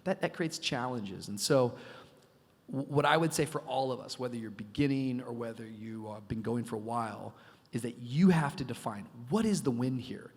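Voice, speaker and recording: A male pastor on a live conference panel, energetic and playful, acting out quotes as he goes. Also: mid-range voice, normal speed. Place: conference stage before a live audience. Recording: long reverb of a large hall.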